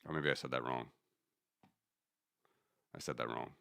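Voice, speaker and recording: Very deep-voiced man, dry sound. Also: fairly even intonation, moderate pace, vocal fry, pushed and bright, no echo. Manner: rambling, self-correcting. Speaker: host. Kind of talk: casual livestream commentary.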